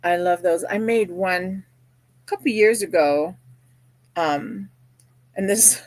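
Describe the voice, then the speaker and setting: A woman hosts a crochet livestream on a streaming setup, chatting casually, reading out viewer comments, and telling stories full of fillers and quoted voices. Her voice is lowish and darkish in tone, her pace slow, and the recording dry.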